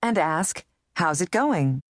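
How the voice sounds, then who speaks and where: A woman narrating a language course in a clear, patient, guiding way. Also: lowish voice, very animated, slow, dry recording, studio quality. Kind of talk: scripted instructional narration.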